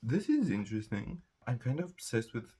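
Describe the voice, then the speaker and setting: A man's voice: medium pitch, sing-song, brisk, a crowd in the background. A young man talking casually to camera in a rambling solo monologue, jumping into quoted voices and laughing often. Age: young adult. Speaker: vlogger.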